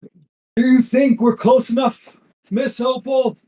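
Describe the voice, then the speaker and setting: A gruff longboat captain , put on by a man, bellows over a raging storm, his voice pushed well above the performer's own. He sounds loud and pressed, and barks his questions at the crew. It comes from a tabletop game. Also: high-pitched, steady tone, brisk, pitched above the performer's own voice. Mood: urgent. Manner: shouting orders over the storm.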